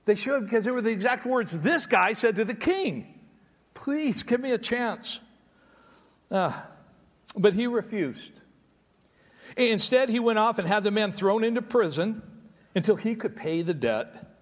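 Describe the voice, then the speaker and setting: Animated preacher in an echoing hall. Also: male voice, sits high, normal speed. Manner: animated, conversational teaching with frequent asides. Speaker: pastor. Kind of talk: sermon. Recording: long hall reverb.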